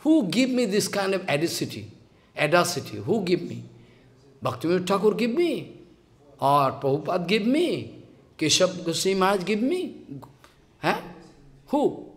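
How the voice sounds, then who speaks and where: A man's voice: high voice, very animated, normal speed, long pauses. A man with a Bengali accent giving a devotional sermon as a spiritual teacher, emphatic and scolding, repeating phrases and acting out quotes.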